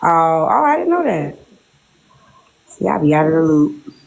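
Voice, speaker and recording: A woman's voice: sits low, very animated, a little slow, creaky, a little hiss or hum, poor audio. A woman hosting a casual live stream, talking bluntly and profanely in a rambling way.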